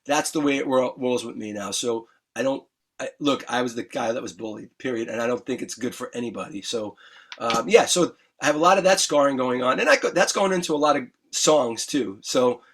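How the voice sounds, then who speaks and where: A man's voice: medium pitch, expressive, fairly quick, fairly bright tone, breathy edge. A middle-aged man, telling his story in an interview in an earnest, emphatic way and repeating his key words. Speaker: guest musician. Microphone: remote interview mic.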